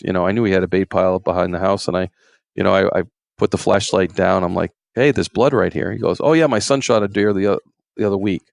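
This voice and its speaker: A middle-aged retired game warden spins folksy, rambling stories. His voice sits low with a gravelly edge, and it is recorded dry and close. He jumps into quoted voices pitched up. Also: no echo. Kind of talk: casual storytelling interview.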